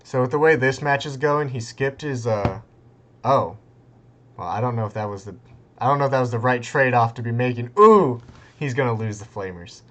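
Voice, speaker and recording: A young man casting a strategy game tournament in a loose, rambling way, breaking into excited outbursts and laughter. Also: medium pitch, fairly quick, a little hiss or hum. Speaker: tournament caster. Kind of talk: casual game commentary.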